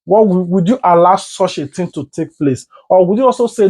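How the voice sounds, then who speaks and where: Nigerian male host, high pitch, animated opinion piece, plays out both sides. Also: fairly quick, poor audio. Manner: animated, acts out arguments with rising voice. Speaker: commentary show host. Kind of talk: opinionated commentary.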